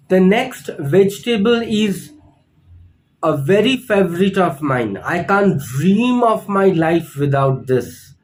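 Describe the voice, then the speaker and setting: A man gives a pronunciation lesson in a high voice. He speaks slowly and deliberately and repeats each word clearly so learners can follow. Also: poor audio. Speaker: English teacher.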